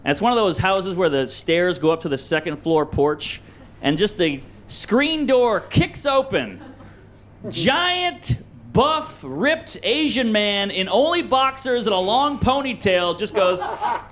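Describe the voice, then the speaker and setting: A man from Louisiana, a stand-up comedian telling a story and acting out yells and panicked quotes. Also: high-pitched, lively intonation, unhurried.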